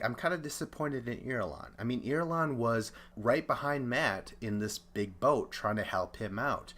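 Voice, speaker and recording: A man's voice: mid-range voice, fairly bright tone. A young man hosting a podcast, giving a chatty, opinionated recap and acting out the quotes. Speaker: podcast host. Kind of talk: casual recap commentary.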